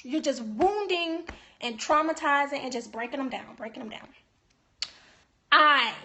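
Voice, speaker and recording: A woman with a high, bright voice coaches couples on communication. Her delivery is emphatic and preachy, full of rhetorical asides, like a casual live stream talk to her viewers. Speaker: marriage coach.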